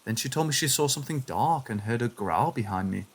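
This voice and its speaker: A man narrating submitted paranormal stories in a steady, scripted reading voice. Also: mid-range voice, fairly quick, very noisy.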